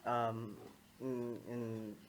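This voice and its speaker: A man of middle pitch talks through an idea in a casual group discussion, restarting and repeating himself as he goes. A faint noise sits behind his voice. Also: little pitch movement. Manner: halting, restarts often. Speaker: reading group member.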